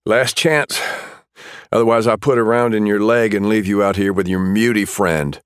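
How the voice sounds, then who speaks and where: A man's voice: on the low side, steady tone, normal speed, clean tone, dry recording, pitched above the performer's own voice, natural voice. A man voicing a tough police officer who gives curt, dry commands. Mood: stern. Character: tough male police officer, calm and blunt.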